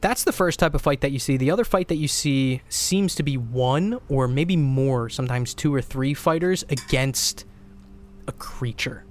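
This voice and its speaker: A man with a mid-range voice, speaking at normal speed, runs a tabletop game as game master. He describes fights and calls for dice rolls in a relaxed way, using fillers as he goes.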